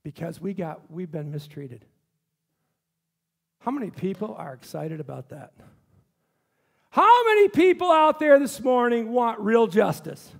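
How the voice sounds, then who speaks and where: A male pastor with a notably high voice delivers an impassioned sermon in a church. He keeps turning to the congregation with questions and pressing his point. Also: very animated, a little slow, gravelly, long pauses. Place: church sanctuary.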